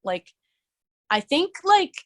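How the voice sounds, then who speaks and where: A woman's voice: high-pitched, very animated, slow pace. Young woman guest rambling thru a funny story, says like a lot, laid back. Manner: rambling, lots of "like" fillers, laughing. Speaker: musician and streamer, podcast guest. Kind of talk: casual interview chat.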